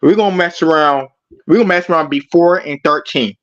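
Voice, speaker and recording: Over dull audio with a crowd audible behind him, a fairly high-pitched man speaks quickly as he calls in to a fan show. His angry fan rant is heated and profane, and he keeps repeating himself as his temper rises.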